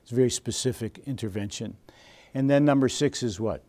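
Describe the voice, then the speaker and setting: A man's voice: mid-range voice, a little fast, mellow. A man presenting a seminar, quizzing his audience and acting out scenes with them. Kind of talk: interactive seminar teaching.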